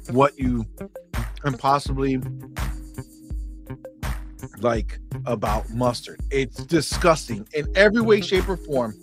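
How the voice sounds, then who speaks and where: A man's voice: a little high, fairly bright tone. Man ranting, voice swinging up and down. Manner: profane, exasperated ranting. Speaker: podcast host. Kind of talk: livestream chat.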